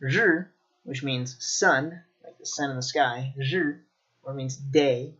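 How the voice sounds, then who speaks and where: A man teaching Mandarin pronunciation in a slow, demonstrative way, repeating each sound. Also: mid-range voice, pushed and bright, highs cut off. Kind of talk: pronunciation lesson.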